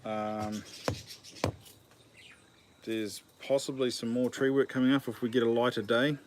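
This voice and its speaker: A man's voice: mid-range voice, steady tone, unhurried. Joking New man, noisy outdoors. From New Zealand. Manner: joking, self-mocking, easily distracted. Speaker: channel host. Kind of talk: casual chat while working. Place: outdoors, sharpening a chainsaw. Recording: noisy outdoor recording with filing and birds.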